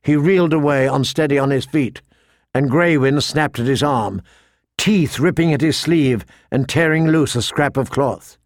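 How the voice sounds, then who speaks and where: A man narrating a fantasy novel in a measured, steady storytelling voice. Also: fairly high pitch, no room sound, clean studio sound. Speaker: audiobook narrator.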